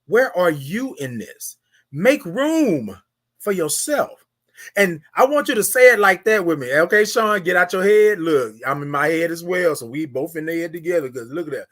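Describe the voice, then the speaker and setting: A man's voice: on the high side, lively intonation, normal speed, a bit bright. A man hosting a morning show, giving a motivational talk in a slangy, preachy manner, calling out listeners by name and repeating phrases for emphasis. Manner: preachy, hype, talks straight to listeners by name; slangy, informal.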